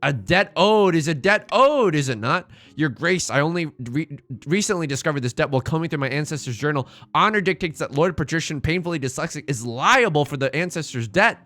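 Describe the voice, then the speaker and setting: A man's voice: fairly high pitch, lively intonation, brisk, a bit bright, dry recording. A man voicing a smug, scheming male noble who speaks formally and self-righteously.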